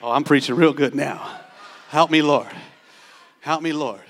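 A man pastor delivering a sermon, moving between playful asides and loud, shouting exhortation. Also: fairly high pitch, a little slow.

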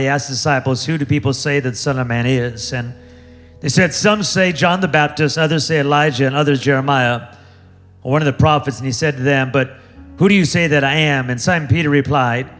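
A man preaching a sermon as guest speaker, calling for responses from the congregation and building to shouts. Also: mid-range voice.

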